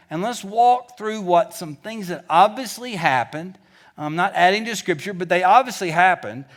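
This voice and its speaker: A man preaching a sermon as a guest preacher, retelling Scripture in a lively, joking, conversational way as he walks around. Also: sits high. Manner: reads the Scripture aloud and then retells it in plain talk; gets the congregation to respond together.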